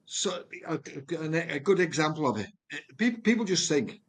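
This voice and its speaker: A man, a project manager telling earnest stories from his work in a conversation. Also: a little high. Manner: earnest, animated storyteller with quick repeats. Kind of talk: storytelling in conversation.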